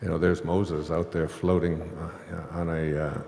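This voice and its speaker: A man's voice: low voice, flat delivery, measured pace, gravelly, dark tone. A man telling a long, rambling spiritual story on stage to a live audience, laughing now and then. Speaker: host. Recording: echoey hall.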